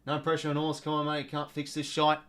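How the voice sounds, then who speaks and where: A man's voice: a little high, completely flat delivery, fast talker, fairly bright tone. An Australian man hosting a live football watch-along, talking in a casual, rambling and exasperated way, swearing now and then and reading out viewer donations.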